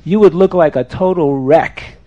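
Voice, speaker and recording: A man telling a story aloud in an animated way, asking his listeners questions. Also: a little high, unhurried, muffled recording.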